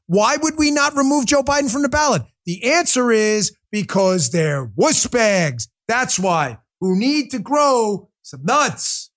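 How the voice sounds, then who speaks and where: A man hosting a livestreamed political commentary show, talking in a combative, sarcastic rant. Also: high-pitched. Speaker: political talk show host.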